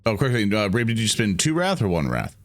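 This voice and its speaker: A man playing a tabletop game, chatting quickly and casually. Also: lowish voice, wildly swooping pitch, a bit bright. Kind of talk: casual chat.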